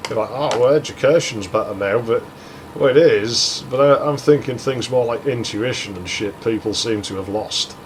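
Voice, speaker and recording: A man's voice: mid-range voice, fairly even intonation, normal speed, slight background noise, low-quality recording. A man hosting a let's play, rambling in sardonic, sweary commentary. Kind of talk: rambling commentary over gameplay.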